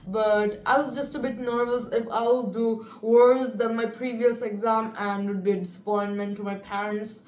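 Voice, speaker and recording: Chatty teenage girl, bright voice. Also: a little high. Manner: chatty, rambling, frequent fillers. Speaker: student vlogger. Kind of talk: casual talking-to-camera vlog. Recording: echoey room with faint ambient noise.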